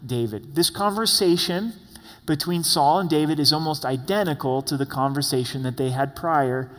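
A man's voice: on the high side, moderate pace, fairly bright tone. A man preaching an expository sermon in a casual, conversational way, with asides and repeated words. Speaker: pastor. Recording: long hall reverb.

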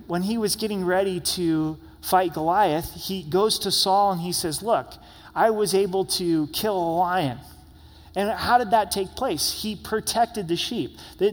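Speaking in a large hall, a young man with a high voice delivers a sincere, conversational sermon during a church service. As a pastor, he tends to repeat his words.

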